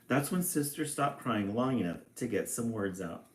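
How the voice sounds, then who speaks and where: Man, storybook reader, lively intonation, chatty asides, echoey room. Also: mid-range voice, normal speed. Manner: relaxed, chatty asides between reading. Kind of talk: reading a picture book aloud with commentary.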